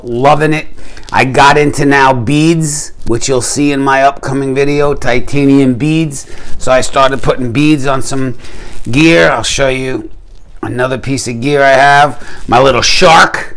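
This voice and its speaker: Animated man ranting casually. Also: medium pitch. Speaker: YouTube gear channel host. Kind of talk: casual chat to camera.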